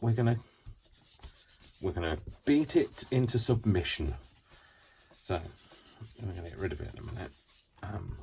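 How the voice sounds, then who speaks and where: A man's voice: low-pitched, husky. A middle-aged man hosting a craft tutorial at home, rambling and joking about himself as he works. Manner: rambling, self-deprecating, jokey. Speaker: craft channel host. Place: home craft space, seated.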